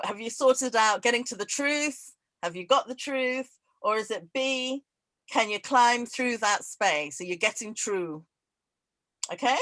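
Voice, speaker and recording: A woman hosting an online quiz over a video call, laughing often and reading each question twice, slowly. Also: on the high side, a bit bright, no room sound, rough recording. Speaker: event host running a quiz. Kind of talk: casual online event chat.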